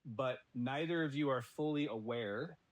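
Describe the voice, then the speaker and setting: Measured male podcast host, dry sound. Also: medium pitch, no echo. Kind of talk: casual podcast conversation.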